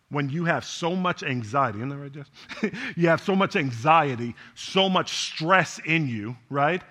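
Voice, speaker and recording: A man's voice: medium pitch, pushed and bright. A man preaching a sermon in a conversational way, often tossing rhetorical questions to the congregation. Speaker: pastor.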